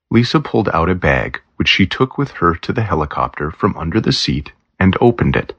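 A man reading a story aloud in plain, even storybook narration. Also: sits low, vocal fry, slightly rough, dry recording, lo-fi sound.

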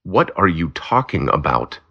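A man voicing a nervous, indignant male detective who shouts in a high, strained voice. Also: big pitch swings, a little slow, husky, dull audio, heavily acted.

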